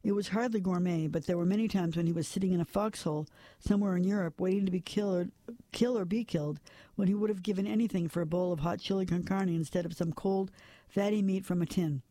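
Guy reading a novel out loud, mellow tone, dry close mic, steady with the odd slip. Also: high-pitched, quick pace, no echo. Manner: steady, plain reading with occasional slips and restarts. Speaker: narrator. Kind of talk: audiobook narration.

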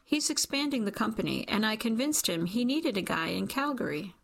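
A woman reading the lines of an earnest, gently teasing young man in an audiobook, keeping close to her own voice. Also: on the high side, expressive, a little fast, creaky, heavily acted. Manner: soft, warm, lightly teasing. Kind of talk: audiobook character voice.

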